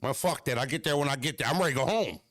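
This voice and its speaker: A man hosting a live stream, telling a story casually to his chat in an animated, profane way that swings between high excited and low mocking tones. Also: rapid-fire, no echo, studio quality.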